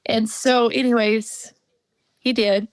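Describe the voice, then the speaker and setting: A middle-aged woman giving a personal testimony as a podcast guest, halting storytelling with many fillers. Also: on the high side, steady tone, no echo.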